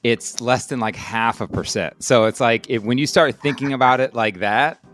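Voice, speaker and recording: A man hosting a podcast, asking questions in a relaxed, conversational way and thinking aloud as he goes. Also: mid-range voice, moderate pace, soft background music. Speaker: podcast host. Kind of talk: conversational interview.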